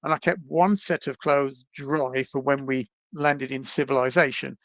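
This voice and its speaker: A man, a podcast guest, telling travel stories in a casual, animated, self-deprecating way over a video call. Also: medium pitch, moderate pace, dry recording, highs cut off. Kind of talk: casual storytelling.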